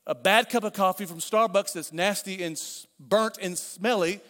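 A man's voice: high voice, moderate pace, a bit bright. A middle-aged man preaching a sermon as pastor, conversational, with repeated phrases and asides. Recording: long hall reverb.

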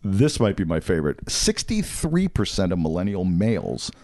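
A man's voice: sits low, normal speed, no echo, clean studio sound. A man co-hosting a casual comedy podcast, reading stats and telling stories with wry humor. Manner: wry, animated, laughs along. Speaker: podcast co-host. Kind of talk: casual chat.

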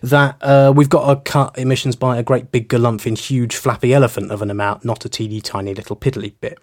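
A man's voice: mid-range voice, steady tone, a little fast, a little mellow. A man co-hosting a comic podcast, mocking politics with silly exaggerations. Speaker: podcast co-host.

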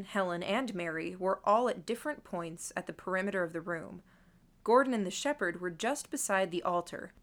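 A woman narrates a first-person audiobook in a mid-pitched voice. Her delivery is dry and wry. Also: a bit bright.

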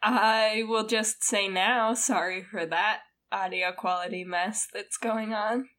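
Woman, podcast co-host, frank and wry, slow unhurried talk. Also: mid-range voice, fairly even intonation, fairly bright tone. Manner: frank, wry, drawn-out opinions. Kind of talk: casual chat.

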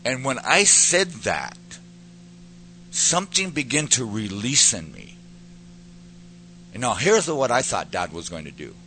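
A man's voice: mid-range voice, big pitch swings, measured pace, long pauses, bright, forceful tone, a little hiss or hum, poor audio. A man giving an earnest personal testimony that turns into preaching, building to emphatic peaks as he speaks to a pastor.

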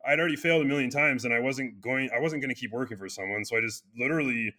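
A chiropractor being interviewed, talking earnestly in a casual conversation with loose restarts and frequent fillers. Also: male voice, medium pitch, rapid-fire, sharp tone. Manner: earnest, speaks in loose restarts with many "you know" fillers. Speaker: chiropractor and clinic founder.

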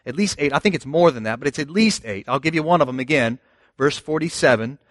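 A man's voice: fairly high pitch, lively intonation, fast talker, fairly bright tone, no room sound, studio quality. A man pastor preaching a sermon in a conversational, emphatic way, often asking the listeners rhetorical questions.

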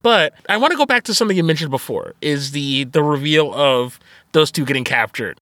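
A man's voice: a little high, lively intonation, fairly quick, pushed and bright, no room sound, studio quality. A man co-hosting a podcast, chatting casually about a movie, swearing and laughing as he acts out lines. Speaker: podcast co-host. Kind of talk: casual chat, movie review.

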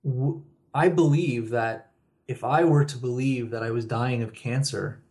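A man's voice: medium pitch, unhurried, darkish tone. A man who is a guest author on a radio interview, telling personal stories and chuckling often.

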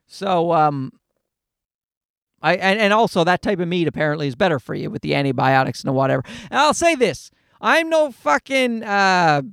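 Gravelly high-pitched man vlogging casually. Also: big pitch swings, moderate pace, a bit bright, no room sound, studio quality. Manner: blunt and profane, with many restarts. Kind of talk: casual personal chat to camera.

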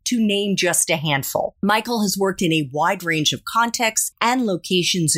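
A woman in her forties hosting a podcast, introducing and interviewing a guest with a lively, playful delivery. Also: medium pitch. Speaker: podcast host.

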